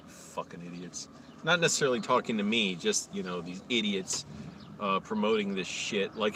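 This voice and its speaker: A man's voice: lowish voice, normal speed, pushed and bright, slight background noise. Young guy ranting and cursing on a stream, sarcastic, a bit far off the mic. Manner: profane, rambling, sarcastic mock voices. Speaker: live streamer. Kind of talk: casual ranting monologue.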